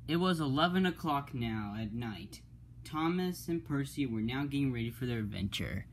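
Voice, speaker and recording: A man's voice: medium pitch, expressive, moderate pace, slight background noise. A man narrating an amateur toy-train story in a plain, simple way.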